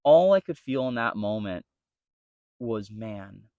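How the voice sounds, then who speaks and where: A man's voice: medium pitch, unhurried, clean tone, no echo, dull audio. A young man co-hosting a podcast, telling a story in casual chat and quoting people along the way. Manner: storytelling, animated quoting of others. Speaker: podcast co-host.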